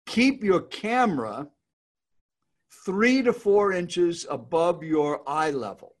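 Man, slightly higher voice, upbeat coaching tone, video call, repeats key points. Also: animated, takes it slowly. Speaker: speaking coach guest. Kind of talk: casual advice on a video call.

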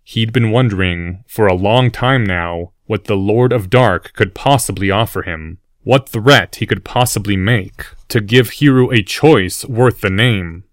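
A male narrator reads a fantasy story in a steady, even storytelling manner. His voice is fairly low, and the recording is dry and close-miked. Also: unhurried, hardly any pauses, no room sound. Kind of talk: scripted audiobook narration.

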